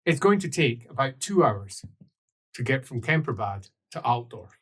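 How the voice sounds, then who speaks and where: A man narrating a tabletop role-playing game as game master, in an animated way with laughs and sound effects. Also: mid-range voice, moderate pace, breathy edge.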